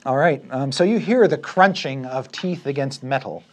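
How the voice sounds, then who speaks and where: A man running a tabletop game as dungeon master, narrating the scene with lively asides to the players. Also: medium pitch, normal speed.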